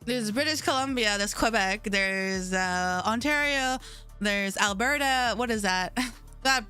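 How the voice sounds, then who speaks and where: Bright-voiced American woman streamer. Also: fairly high pitch, a little slow, clean tone, faint music behind. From United States. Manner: chatty, laughs often, trails off and restarts. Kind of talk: casual live-stream chat.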